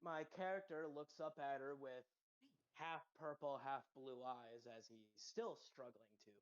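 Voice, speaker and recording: A man of average pitch describes his character's moves in a tabletop game, plain and matter-of-fact. His voice comes through a muffled, lo-fi microphone. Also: unhurried, smooth, no echo. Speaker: player. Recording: muffled lo-fi mic.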